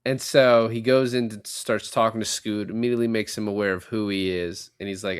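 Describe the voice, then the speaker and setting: A man's voice: fairly low pitch, a little fast, hardly any pauses, smooth, no room sound. A young man on a casual podcast, retelling a film scene by scene, swearing freely and acting out the characters' lines. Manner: animated retelling, swears a lot, acts out lines. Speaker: podcast co-host. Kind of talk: casual movie recap chat.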